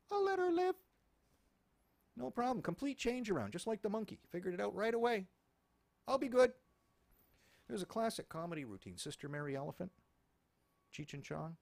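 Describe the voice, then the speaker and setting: Brief: male host, sarcastic profane ranter, gravelly edge, swooping delivery. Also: on the high side. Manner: animated, sarcastic, profane ranting. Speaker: talk show host. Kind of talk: ranting commentary.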